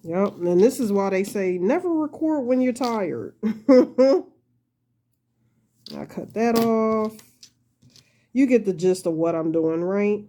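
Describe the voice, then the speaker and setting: A woman talks viewers through a crochet lesson in a loose, chatty way, laughing often and poking fun at herself. She speaks straight to her audience and calls them y'all, at an ordinary mid pitch for a woman. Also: expressive, takes it slowly, long pauses, dark tone. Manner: chatty, frequent laughter, self-deprecating. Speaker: crochet tutorial host. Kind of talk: casual talk-through tutorial.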